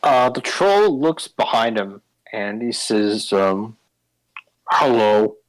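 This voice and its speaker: A man's voice: medium pitch, sing-song, takes it slowly, rough recording. A man narrating as game master of a tabletop game, in a casual, rambling way, full of fillers.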